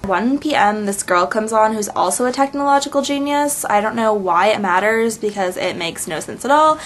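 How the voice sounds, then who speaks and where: A woman casually recapping a web series episode, chatty and sarcastic, full of "like" and quick eye-rolling asides. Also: medium pitch, lively intonation.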